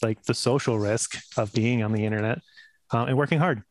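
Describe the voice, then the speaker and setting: A medium-pitched man, a cast member on a gaming stream, chats casually and earnestly, often halting and starting over.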